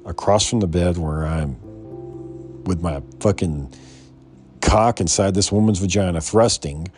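A man's voice: sits low, measured pace, a little mellow, faint music behind. A man telling a rambling personal anecdote in casual, heavily profane talk, often restarting his sentences. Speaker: storyteller.

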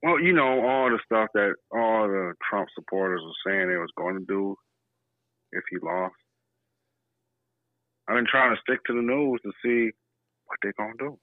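A man co-hosting a podcast in casual chat, animated and exclaiming, swearing casually and laughing often. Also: on the low side, moderate pace, long pauses, no echo. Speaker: podcast co-host. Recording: dry, phone-like thin sound.

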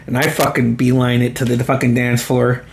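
A man's voice: medium pitch, little pitch movement, brisk, creaky, a little hiss or hum. A man in his forties telling a casual story, rambling and swearing often, breaking into laughter. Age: 40s.

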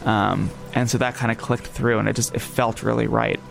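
A man's voice: lowish voice, flat delivery, moderate pace, vocal fry, soft background music. A man with a New Jersey accent telling a story in casual chat, rambling with many fillers and restarts. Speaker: podcast guest.

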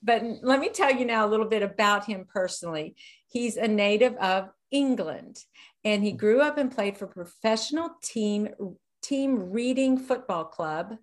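A woman's voice: mid-range voice, expressive, normal speed. Bubbly woman hosting a podcast. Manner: bubbly, enthusiastic, reads bio aloud. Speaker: podcast host. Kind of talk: casual interview chat. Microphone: video call.

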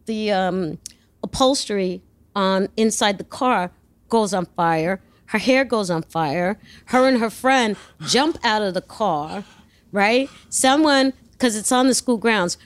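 Animated storytelling woman from New York. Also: medium pitch, no echo. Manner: lively, acts out voices in her anecdotes, swears freely. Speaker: guest.

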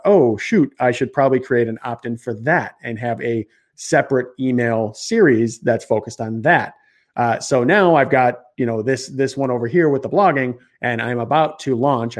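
A man with a Chicago accent, a podcast guest, explaining things in a lively, rambling way with many restarts and fillers. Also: medium pitch. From Chicago area. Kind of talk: conversational interview explanation.

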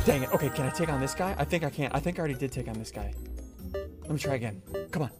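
A man hosting casual video game commentary, excitable and yelling in bursts when things go his way. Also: mid-range voice, rapid-fire. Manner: excitable, yells in bursts at wins. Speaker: YouTube gamer host. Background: game music.

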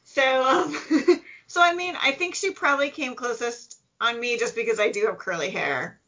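A woman hosting a podcast in a bright, fairly high voice, chatting casually and laughing as she reads out mail. The sound is a little dull and lo-fi. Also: normal speed. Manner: upbeat, laughing, reads listener mail aloud. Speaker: podcast host.

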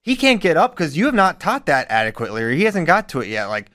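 Lively, animated man telling a story. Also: a little high, fast talker. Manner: animated storytelling, acts out quotes. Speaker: podcast co-host and wrestling coach. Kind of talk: casual chat.

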